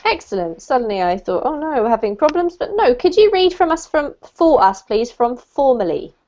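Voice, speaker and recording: A woman's voice: high-pitched, big pitch swings, darkish tone. Woman english teacher on a video call, encouraging, kinda muffled lo-fi sound. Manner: encouraging, slows to model words. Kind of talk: online language class.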